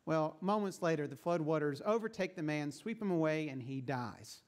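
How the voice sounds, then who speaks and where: Preaching a sermon, this male pastor tells stories in an easygoing, conversational way. His voice is a touch higher than the typical man's, and he shifts his pace to pull listeners in while keeping a moderate overall speed with barely any pauses.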